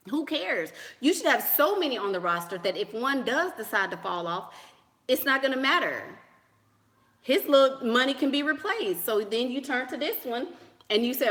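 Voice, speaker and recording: A high, very animated and slightly bright voice carries this vlogger's casual advice monologue at a moderate pace. She tackles viewers' dating questions bluntly and dismissively, laughing often, repeating lines for emphasis, and calling listeners "honey" and "girl."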